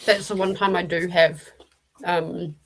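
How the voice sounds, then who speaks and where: A woman's voice: on the low side, steady tone, unhurried, slightly rough, rough recording. A woman with a New Zealand accent hosting a book club stream, chatting casually and telling stories with laughs. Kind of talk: casual chat.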